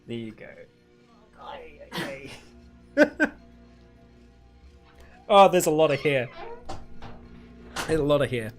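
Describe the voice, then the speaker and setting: A British man hosting a casual live-stream Q&A, chuckling often as he answers chat questions in a relaxed, rambling way. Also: a little high, takes it slowly, pauses often, soft background music.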